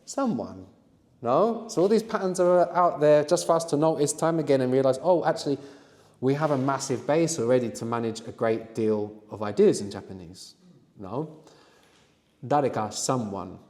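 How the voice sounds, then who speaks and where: A man's voice: medium pitch, lively intonation, moderate pace, darkish tone. Man teaching a lesson in a reverberant room. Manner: prompting questions, frequent "no?" tags. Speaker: language teacher. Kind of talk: interactive language lesson.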